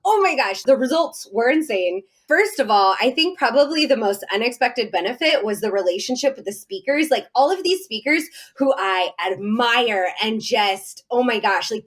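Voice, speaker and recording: A woman's voice: a little high, normal speed, few pauses. Effusive chatty woman telling her story. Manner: animated, effusive storytelling with many fillers. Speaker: podcast guest, summit host. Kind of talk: casual podcast interview.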